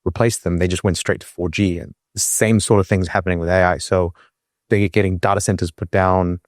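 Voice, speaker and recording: A man's voice: low voice, fairly even intonation, a little fast, no echo, studio quality. A man co-hosting a podcast in casual chat, rambling with lots of restarts and fillers. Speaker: podcast co-host.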